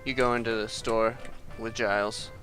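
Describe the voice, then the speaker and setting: Brief: male game master, bright tone, lively pitch, loose rambling narration, faint music behind. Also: moderate pace. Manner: rambling, full of "like" and laughter.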